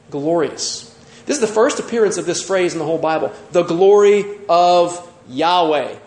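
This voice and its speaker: A man preaching a sermon as pastor, animated and full of rhetorical questions. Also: sits high, reverberant.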